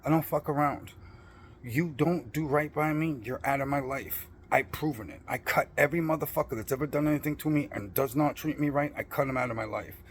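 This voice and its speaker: A man's voice: fairly high pitch, a little fast, slight background noise. Profane, defiant man ranting. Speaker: vlogger. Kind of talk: blunt personal rant.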